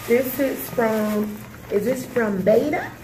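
A woman's voice: a little high, takes it slowly. A woman in her thirties opening gifts at a party, gushing and laughing often in casual chat. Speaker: guest of honor opening gifts. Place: indoor party gathering. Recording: echoey room with loud background noise.

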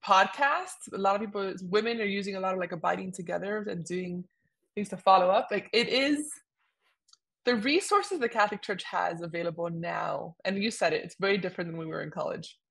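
With a mid-range, gravelly, slightly rough voice, a young woman co-hosts a podcast at a slightly fast pace. It's a casual, animated chat, full of fillers.

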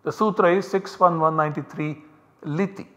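A man's voice: a little high, steady tone, fairly bright tone. Indian man lecturing with a reverberant sound. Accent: Indian English. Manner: measured, explanatory, points to examples on a slide. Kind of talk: university lecture. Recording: lecture recorded with long reverb.

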